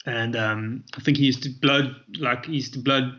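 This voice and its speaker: Bright-voiced comedian. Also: male voice, mid-range voice, steady tone, moderate pace, dull audio. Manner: rambling, self-correcting storytelling. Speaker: comedian guest. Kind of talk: casual interview chat.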